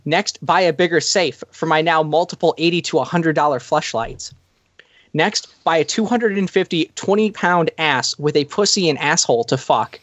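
A man's voice: on the high side, normal speed, a bit bright, no echo, highs cut off. A man hosting a casual podcast chat who stammers and repeats words as he starts a point, and sometimes reads forum posts aloud. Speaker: podcast host.

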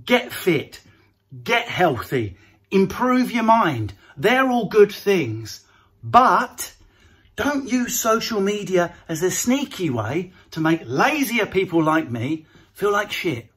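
A man doing a comedy rant to camera, animated and mocking, jumping into put-on voices. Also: high-pitched, breathy edge.

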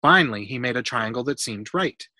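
A man reading a storybook aloud to a child, pausing patiently to explain the math. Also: medium pitch, animated, bright, forceful tone, dry recording.

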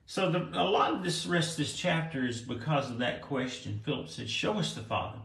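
A man delivers a conversational sermon, reading scripture aloud and then explaining it in his own words. He talks with restarts and soft chuckles. His voice sits at a middle pitch, and the room around him has a noticeable echo. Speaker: pastor. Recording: roomy echo.

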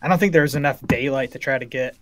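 A man's voice: medium pitch, a bit bright, a little hiss or hum. A man co-hosting a golf betting podcast, talking through odds in an easygoing, analytical way. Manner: easygoing, analytical, quick to agree. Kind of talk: casual sports chat.

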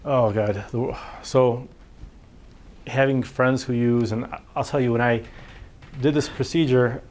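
A man's voice: medium pitch, steady tone, measured pace, a little mellow. A man, a physician, giving an informal workshop talk on addiction, conversational and full of fillers. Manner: conversational, full of fillers, acts out patients' words. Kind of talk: informal lecture.

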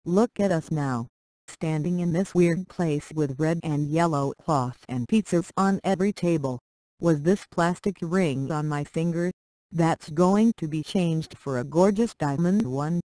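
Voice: mid-range voice, unhurried, mellow, no room sound, close to an everyday voice, poor audio. Reader doing a young bride reading her vows, earnest and teasing, dry close sound. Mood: tender.

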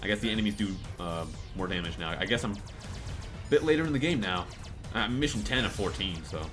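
A man rambles through casual gameplay commentary, swearing freely and tripping over fillers. His voice sits on the low side but swings around with lively pitch. Loud game music plays under him throughout. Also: fairly quick. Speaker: let's play commentator.

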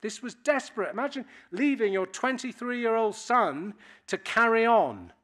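A man's voice: very high-pitched, expressive, moderate pace, a bit bright. A man in his sixties from Britain, giving a public speech to an audience and telling wry, anecdotal stories. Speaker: keynote speaker.

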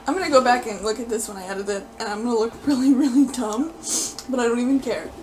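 A woman giving live gameplay commentary, excitable and loudly pleading and cheering at the game as she plays. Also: fairly high pitch, fast, a little hiss or hum. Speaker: gaming video creator.

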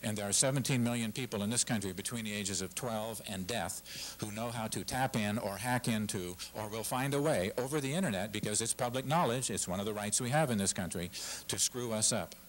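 Middle-aged guy speaking to a crowd, low voice, gets worked up, stumbles and repeats, bit of hiss. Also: fairly quick, hardly any pauses, rough recording. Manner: passionate, emphatic, repeats himself. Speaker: guest speaker. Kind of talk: public speech at a civic forum. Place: lecture hall with audience.

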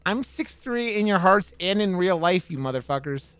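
A man's voice: high-pitched, lively intonation, normal speed, fairly bright tone, clean tone, no room sound, faint music behind. A man streaming a horror game, joking with his chat and swearing as he plays. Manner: profane, joking, talks back to chat. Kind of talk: casual let's-play commentary.

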